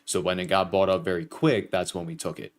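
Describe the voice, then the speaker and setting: A young man with a low voice hosts a live trading stream. He talks casually and swears now and then while he walks his viewers through a trade. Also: flat delivery, fairly quick. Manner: casual and profane, explains trades to chat. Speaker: livestream trading host. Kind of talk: casual livestream chat.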